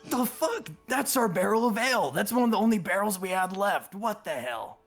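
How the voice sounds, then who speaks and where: A man voicing a gruff human ship crewman who swears and asks incredulous questions. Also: mid-range voice, unhurried, a bit bright, soft background music. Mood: outraged.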